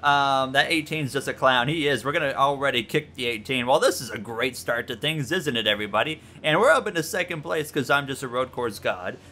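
A man giving excitable, jokey let's-play commentary on a racing game, yelping and repeating himself when things go wrong. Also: medium pitch, brisk, hardly any pauses, a little hiss or hum. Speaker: gaming YouTuber.

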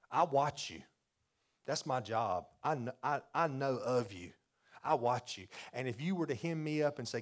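A pastor preaching a folksy, confessional sermon that builds to loud, repeated emphasis. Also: male voice, medium pitch.

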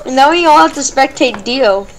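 A woman's voice: sits high, lively intonation, moderate pace, heavy background noise. A woman playing a horror game with friends, urging them on and calling out what to do. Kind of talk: casual gaming chatter.

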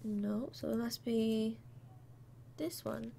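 A woman's voice: on the high side, steady tone, takes it slowly, vocal fry, dark tone, slight background noise. A young woman playing a game and commenting casually, muttering to herself as she works through puzzles. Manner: muttering to herself, spelling out letters. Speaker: gamer. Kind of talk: casual let's play commentary.

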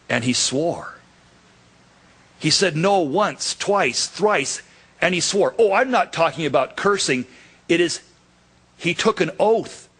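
Brief: male pastor, slow deliberate sermon, husky tone, acts out the dialogue. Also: on the high side. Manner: animated preaching, acts out dialogue in quotes.

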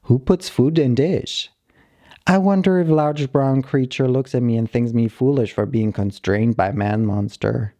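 A man calmly reading a short story aloud, narrating in the halting first-person voice of a dog. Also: mid-range voice, dry recording.

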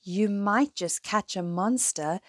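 A woman reading a rhyming children's picture book aloud in a slow, rhythmic way. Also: medium pitch, dry recording, studio quality. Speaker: storyteller.

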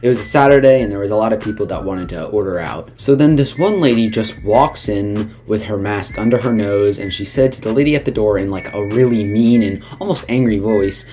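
A man tells a story to his viewers in a loose, chatty vlog style, tripping over his words and restarting sentences. Faint music plays softly behind him. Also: on the low side, a little fast, few pauses. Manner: chatty, stumbles and repeats words. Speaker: vlogger. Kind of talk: casual storytelling to camera.

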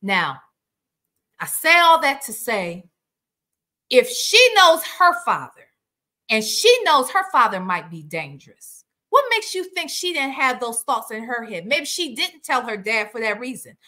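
Bright, outspoken woman livestreamer. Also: on the high side, a little slow. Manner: outspoken, profane, animated. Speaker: livestream host. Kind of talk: casual reaction livestream chat.

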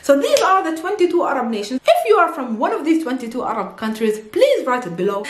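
A woman's voice: high-pitched, echoey room. Bubbly Arabic-accented woman teaching. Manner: enthusiastic, giggly, slow careful pronunciation of words. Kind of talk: online language lesson.

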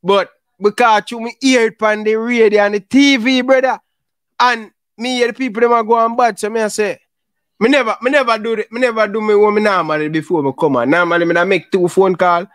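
Jamaican male host, raised pitch, dry recording, casual patter. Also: fairly even intonation, a little fast, fairly bright tone, no room sound. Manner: apologetic, laughing often, repeats "brother". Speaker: football talk show host. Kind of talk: casual argumentative chat.

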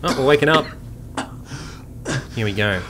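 A man's voice: medium pitch, moderate pace, noisy background. A young man giving casual, swearing let's-play commentary as a gaming YouTuber. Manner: swearing, excitable, chatty.

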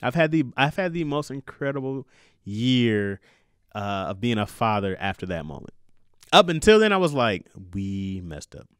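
Animated swearing guy, dry close mic. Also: mid-range voice, normal speed, smooth, no echo. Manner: animated, swearing, laughs often. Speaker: new father giving advice; comedian. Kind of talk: casual monologue.

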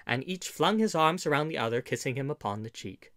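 A man reading a classic adventure story aloud as an audiobook narrator, in steady, expressive storytelling. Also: fairly high pitch, a little fast, no room sound, clean studio sound. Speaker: audiobook reader. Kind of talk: scripted narration.

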